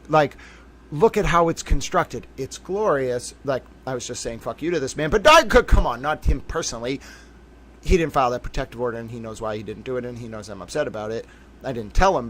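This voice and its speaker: Speaking at a medium pitch, this man gives rambling, animated livestream commentary on court cases. He curses freely and erupts now and then in sudden excitement.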